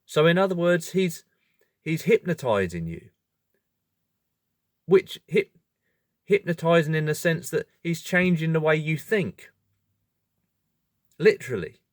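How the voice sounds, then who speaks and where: Man, video host, casual monologue, lively up-and-down voice, slightly high, self-correcting, laughs often. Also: no room sound, clean studio sound.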